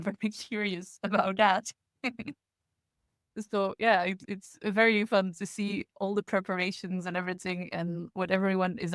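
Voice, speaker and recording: A woman's voice: medium pitch, no room sound, studio quality. A woman co-hosting a podcast in casual chat, chatty and laughing often as she talks. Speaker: podcast co-host.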